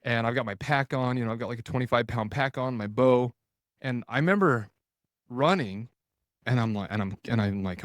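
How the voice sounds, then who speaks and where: A man in his forties, guesting on a podcast, spins an animated, casual story packed with restarts and quoted thoughts. He talks at normal speed and medium pitch, captured in studio quality with no echo.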